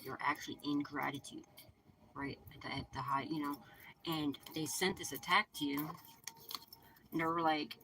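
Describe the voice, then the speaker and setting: Low-voiced profane spiritual woman. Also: steady tone, moderate pace, long pauses, sharp tone, slight background noise, poor audio. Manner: profane, emphatic, repeats reassurances. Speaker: spiritual reader and channel host. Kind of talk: casual spiritual pep talk to viewers.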